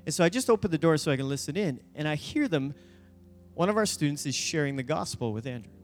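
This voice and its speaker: This man, a youth pastor with a high voice, moves quickly through a story during his sermon, animatedly voicing each character in quotes. Soft instruments play underneath, and the large church hall gives him a long, lingering reverb.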